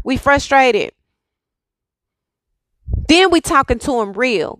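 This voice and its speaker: A woman's voice: high voice, animated, slow, pauses often, a bit bright, no room sound. A woman giving a spiritual pep talk, full of repeated rhetorical questions. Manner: preachy, repetitive rhetorical questions. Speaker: spiritual speaker. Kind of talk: inspirational monologue.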